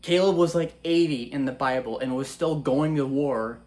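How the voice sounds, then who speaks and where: Young male vlogger, mid-pitched, earnest and challenging, casual faith talk, peppered with rhetorical questions. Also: normal speed, a little mellow. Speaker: Christian vlogger. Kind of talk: casual faith-based monologue.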